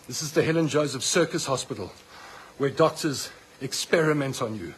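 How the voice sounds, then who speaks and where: A man's voice: medium pitch, moderate pace. A man, filming himself on a phone in a hospital ward as a patient, speaking bluntly and with indignation and repeating himself when he gets worked up. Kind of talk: angry phone-video rant. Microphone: phone held by the speaker. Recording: echoey ward with long reverb and faint noise.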